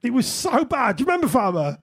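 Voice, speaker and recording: A man's voice: extremely high pitch, big pitch swings, fast talker, husky. A man, a musician guest at a live on-stage Q&A, telling chatty anecdotes with frequent laughter and casual swearing. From England.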